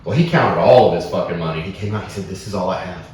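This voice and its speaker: A man co-hosting a casual podcast, telling profane, animated stories. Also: low-pitched, quick pace. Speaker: podcast co-host, wrestler. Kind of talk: casual storytelling chat. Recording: roomy echo, distant from mic.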